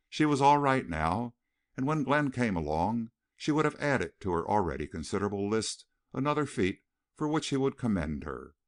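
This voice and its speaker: A man narrating a western novel as an audiobook, reading in an expressive, dramatic way. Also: lowish voice. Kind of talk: scripted narration.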